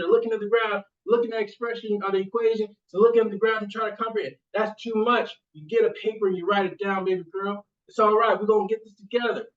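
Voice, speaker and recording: High-voiced man rambling from afar. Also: fairly even intonation, fast, hardly any pauses. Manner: rambling, repeats "you see what I'm saying"; street slang, emphatic at times. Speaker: vlogger and college student. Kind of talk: casual storytelling monologue. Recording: distant, muffled lo-fi sound.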